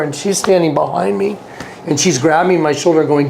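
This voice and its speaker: His voice is a little high, steady in tone, a little fast, creaky, and a little mellow, with a little hiss or hum behind it. He is an interview guest telling a personal story in casual storytelling, earnest, often repeating himself and acting out quoted dialogue.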